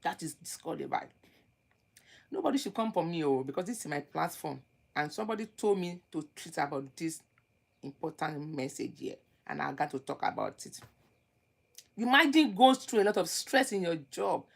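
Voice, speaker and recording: A woman lectures her viewers in a fairly low voice, driving each point home and repeating it. She jumps from loud outbursts to quiet muttering. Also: sing-song, normal speed, gravelly. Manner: emphatic and preachy, repeats key phrases. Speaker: relationship advice vlogger. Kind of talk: lecturing advice monologue.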